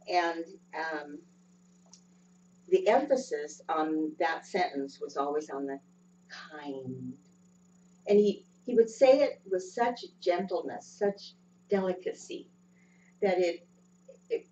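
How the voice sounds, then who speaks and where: A woman giving a sermon in a gentle, unhurried way, pausing often with ums. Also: deep voice. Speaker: lay speaker. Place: church sanctuary. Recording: dull distant sound with faint hum.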